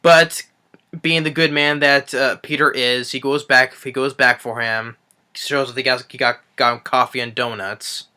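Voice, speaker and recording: A man's voice: mid-range voice, fairly even intonation, moderate pace, pushed and bright, smooth. A man recapping a movie in a casual review, rambling with frequent restarts and swearing.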